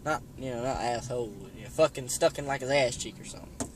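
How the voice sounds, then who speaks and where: A man's voice: mid-range voice, fast, background noise. Rambling, foul-mouthed man. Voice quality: rambling, heavy swearing, constant "you know". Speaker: storyteller vlogger. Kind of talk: casual storytelling.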